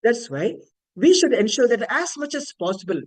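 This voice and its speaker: A man's voice: very high voice, very animated, normal speed, poor audio. A man giving a webinar lecture on Vedic chanting, patiently explaining and chanting Sanskrit words to show their intonation. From India. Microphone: video call.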